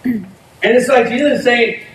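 A man preaching a sermon in an animated, conversational way, often breaking into laughter. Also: very high voice, normal speed. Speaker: pastor. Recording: echoey room, mic at a distance, faint noise.

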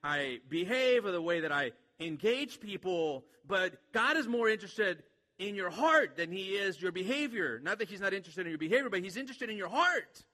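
A man's voice: high voice, expressive, fairly quick, pushed and bright, long reverb tail. A man preaching a sermon to a church congregation in a casual, joking way, with many fillers. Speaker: pastor.

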